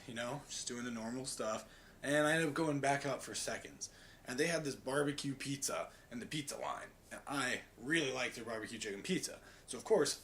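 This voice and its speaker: A man's voice: mid-range voice, a bit bright, slight background noise. A young man telling a story in a casual devotional talk, rambling along with lots of "like" and "right?". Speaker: student giving a devotional.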